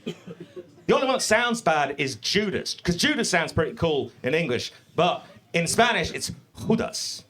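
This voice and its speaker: A man doing a live stand-up set in a comedy club, profane and animated, speaking into a stage mic. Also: fairly high pitch, normal speed. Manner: profane, animated, mock-confident.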